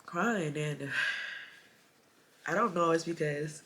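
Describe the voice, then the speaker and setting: A woman in her late twenties talking to camera in a personal vlog, soft and halting with sighs, holding back tears. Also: low voice. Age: late 20s. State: tearful, holding back crying. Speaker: vlogger.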